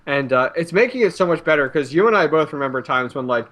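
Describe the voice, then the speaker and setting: A man hosts a laid-back gaming chat, going through patch notes with a fairly high voice. He laughs easily and throws in quick, dramatic reactions. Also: animated, a bit bright. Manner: chatty, laughs often, acts out reactions. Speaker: host. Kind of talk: casual gaming podcast chat.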